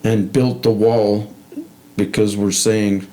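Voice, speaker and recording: Low, mellow male host, reflective, broken-phrase delivery. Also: little pitch movement, slow pace, low-quality recording. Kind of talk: casual heartfelt conversation.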